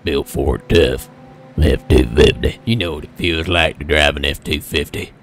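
A man putting on the voice of a boastful truck-commercial pitchman, crude and swaggering. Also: normal speed, faint music behind.

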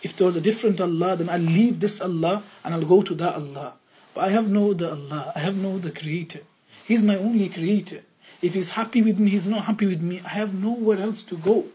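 A man voicing a humble, devoted adult male pilgrim within a religious lesson, speaking quietly and pleadingly. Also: sits high, brisk, breathy edge. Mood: resigned pleading.

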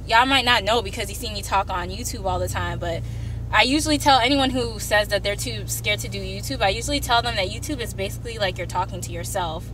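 A woman's voice: a little high, pushed and bright, a little hiss or hum. A young woman vlogging casually to her camera from her parked car, chatty and heartfelt with many ums and likes. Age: young adult. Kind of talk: casual vlog talk to camera. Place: parked car in a parking deck.

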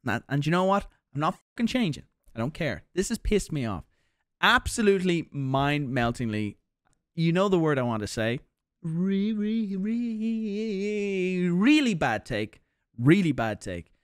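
A man's voice: a little high, dry recording, clean studio sound. An Irish man reacting to viewer opinions on a gaming channel, exasperated, swearing and ranting, with faint music behind him. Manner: exasperated, profane and animated. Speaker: gaming YouTuber.

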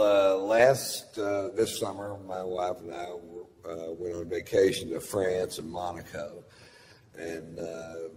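A man's voice: sits low, darkish tone. A middle-aged man doing stand-up comedy, telling a profane story in a drawling, rambling way from a theater stage. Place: large theater stage with audience. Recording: live theater recording with long reverb.

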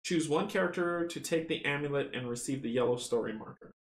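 A man casually running a board game playthrough, chatty and excitable, counting dice rolls aloud. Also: fairly high pitch, a little fast. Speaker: tabletop game runner and player. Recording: roomy echo, faint noise.

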